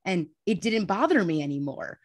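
A woman in her thirties from New York, with a New York accent, telling her story bluntly and candidly as a podcast guest, full of "like" fillers. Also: on the low side. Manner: blunt, fast, animated, many "like" fillers.

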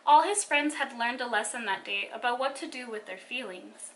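A woman from a children's ministry reading a picture book aloud to children in an animated storytelling manner. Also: a little high, normal speed, slight background noise.

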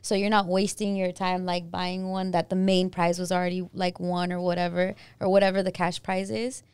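A woman's voice: fairly low pitch, level tone, moderate pace, darkish tone, clean tone, no room sound. A woman co-hosting a podcast in casual, rambling chat. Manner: chatty, rambling. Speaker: podcast co-host.

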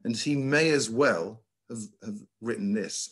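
Emphatic middle-aged headmaster lecturing. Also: male voice, on the low side, unhurried, hardly any pauses. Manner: lively, emphatic, with frequent ums and uhs. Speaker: school headmaster giving a talk. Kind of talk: lecture with slides. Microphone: video call.

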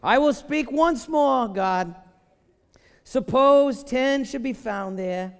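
A preacher putting on a humble old man who haggles with God, his voice pitched well above his own and drawn out slowly in a put-on comic accent. He pleads and bargains, each line hanging in the long echo of a church hall. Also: animated, clear, resonant tone, full character voice. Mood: pleading.

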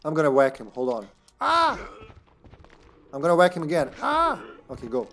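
A man's voice: medium pitch, rapid-fire. Joking male game streamer. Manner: joking, laughing, swearing. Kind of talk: live gameplay commentary.

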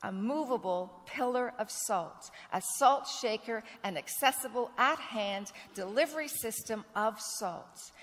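A woman pastor preaching a sermon with earnest storytelling, clearing a rough throat now and then. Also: on the high side, measured pace, few pauses, a bit bright. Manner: earnest storytelling, acts out quoted dialogue. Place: church sanctuary. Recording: long reverb of a church sanctuary.

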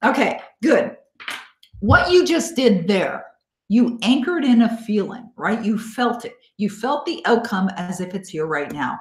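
A woman hosting a live online coaching webinar, encouraging and upbeat, thanking listeners by name and slowing down to guide them. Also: mid-range voice, big pitch swings, darkish tone. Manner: slow, coaxing guidance in visualization parts. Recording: echoey room.

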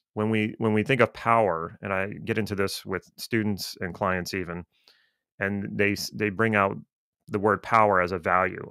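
Male coach, conversational explainer, gravelly low voice, dry close sound. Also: fairly bright tone, dry recording. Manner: conversational, reflective, with frequent restarts. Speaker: coach and teacher. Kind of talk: explanatory talk to viewers.

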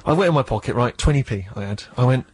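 Radio host guy, quick animated talk, squeaks up when he gets indignant, husky. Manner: animated, self-mocking, rising to high indignant squeaks. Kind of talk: comic storytelling on radio.

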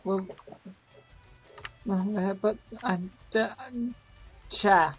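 A woman's voice: on the low side, normal speed, soft background music. A woman chatting playfully while playing through a video game with a friend, given to silly tangents. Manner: goofy, playful, makes random noises. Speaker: co-player in a game playthrough. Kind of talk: casual gaming chat.

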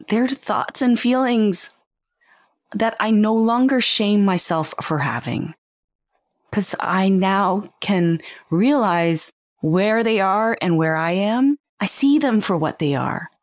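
Lively, slow-talking woman podcast host. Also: medium pitch, no room sound, clean studio sound. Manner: earnest, conversational, with rhetorical questions and playful asides. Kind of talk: reflective podcast monologue.

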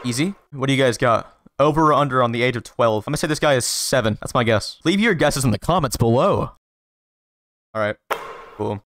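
A man's voice: medium pitch, dry recording, studio quality. Playful trash-talking young man gaming. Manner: playful trash-talking, quick excited outbursts. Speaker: gaming video creator. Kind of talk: casual gameplay commentary.

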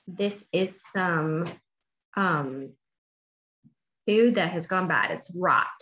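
Slow-talking woman teaching phonics. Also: fairly low pitch, a bit bright. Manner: slow, drawn-out sounding of letters and words; encouraging, asks questions and waits. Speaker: kindergarten teacher. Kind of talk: phonics lesson for young children. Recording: dull lo-fi audio with faint noise.

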